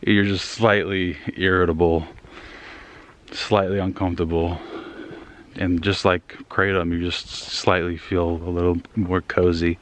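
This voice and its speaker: A man's voice: deep voice, level tone, a little slow, fairly bright tone, slight background noise. A young man vlogging while walking in the woods, a little out of breath, rambling and trailing off in casual talk. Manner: rambling, self-deprecating, trailing off.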